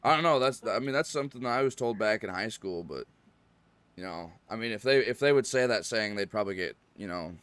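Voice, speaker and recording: A man streaming a farming game, chatting casually and rambling, often clearing his throat. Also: fairly low pitch, expressive, a little fast, fairly bright tone, no echo. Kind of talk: casual live-stream chat.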